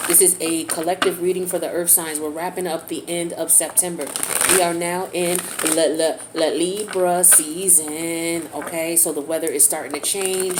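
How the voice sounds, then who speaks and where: A woman's voice: lowish voice, background noise. A woman giving a casual tarot reading in a chatty, slang-filled way. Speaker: tarot reader.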